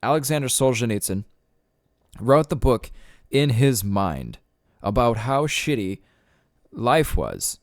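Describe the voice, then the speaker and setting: A man's voice: mid-range voice, very animated, slow, long pauses, no room sound, studio quality. A young man hosting a solo podcast, ranting in a profane, rambling way with lots of fillers. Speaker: podcast host. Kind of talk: casual solo podcast rant.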